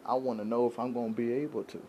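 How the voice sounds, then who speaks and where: Here a vlogger speaks fast in a level, medium-pitched voice; the highs are cut off and there is a little hiss or hum. He addresses the camera without a script, venting in a rambling, aggrieved way and repeatedly checking in with "you know what I'm saying".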